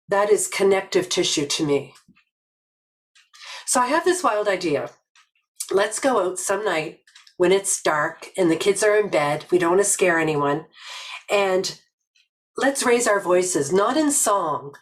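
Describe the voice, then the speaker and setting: An older woman from Nova Scotia giving a reflective webinar talk, telling stories slowly and earnestly with many pauses. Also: mid-range voice, low-quality recording. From Nova Scotia, Canada. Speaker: webinar presenter.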